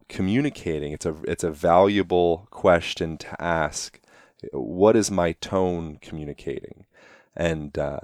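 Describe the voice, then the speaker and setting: A man talking as a guest in a relaxed conversational way, full of "you know" fillers and quick acted-out examples. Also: sits low, no echo, clean studio sound. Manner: animated, acts out quick voiced examples.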